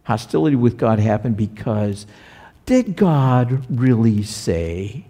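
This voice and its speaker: A man's voice: medium pitch, big pitch swings, slow pace, mellow. A man preaching a sermon as a pastor, talking conversationally and putting rhetorical questions to the congregation.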